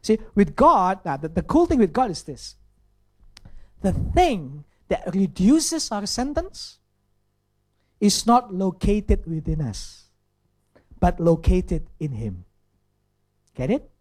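A man's voice: sits high, very animated, slow pace, pauses often, a little mellow. Pastor, questioning his flock. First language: Indonesian. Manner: checks in with the audience through rhetorical questions. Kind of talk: sermon.

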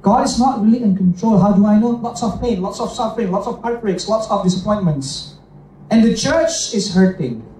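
A man's voice: sits high, a little fast, warm tone, a little hiss or hum. A man preaching a bilingual sermon, emphatic and repetitive, often checking in with the congregation. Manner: emphatic, repeats phrases, checks in with "okay?" and "right?". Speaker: pastor. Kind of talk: bilingual sermon with own interpreting. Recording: echoey hall, voice from a distance.

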